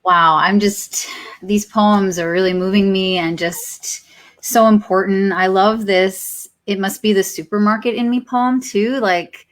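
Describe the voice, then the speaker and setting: A woman's voice: medium pitch, steady tone, a little slow. A woman hosting an online poetry event, gushing and emotional, talking with many fillers over a video call. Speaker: event host. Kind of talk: casual hosting.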